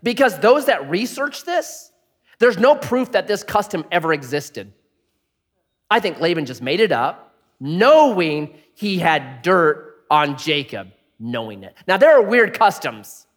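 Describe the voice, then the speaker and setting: A man preaching with a high, lively voice that jumps between loud, excited bursts and near-whispered lines. His words ring out with a long reverb, as in a large hall. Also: measured pace. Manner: animated storytelling, swings from loud to hushed. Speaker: pastor. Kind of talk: sermon.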